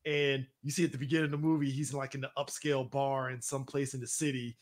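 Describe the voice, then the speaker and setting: A man's voice: mid-range voice, level tone, fast. A man co-hosting a podcast, chatting wryly about movies, laughing and swearing freely. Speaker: podcast co-host. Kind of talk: casual movie chat.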